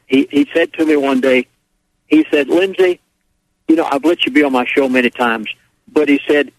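A man's voice: medium pitch, no room sound, rough recording. An older man, a radio guest, telling a story in a rambling way, with restarts and quoted lines. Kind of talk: casual phone-in storytelling.

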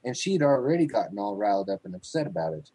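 A man's voice: fairly low pitch, sing-song, fast talker, dark tone, slightly rough, no room sound, poor audio. A man in casual chat, rambling with lots of fillers and frequent swearing.

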